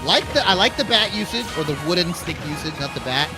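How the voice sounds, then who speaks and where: A man's voice: sits high, expressive, fast talker, music in the background. Playful young male esports co-caster. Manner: playful, rambling, jokey asides. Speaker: esports commentator. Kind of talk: live esports commentary.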